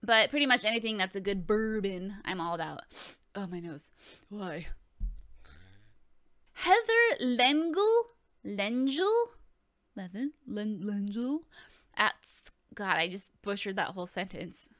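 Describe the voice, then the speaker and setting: A woman's voice: medium pitch, moderate pace, bright, forceful tone, no echo, studio quality. A woman in her thirties hosting a casual question-and-answer vlog, talking in a profane, joking, chatty way. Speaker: video host answering viewer questions.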